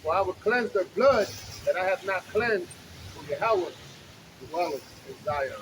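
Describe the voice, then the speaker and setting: High-voiced man reading scripture slowly. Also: animated, a little hiss or hum, poor audio. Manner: slow, deliberate, declaiming reading. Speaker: scripture reader. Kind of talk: reading scripture aloud outdoors.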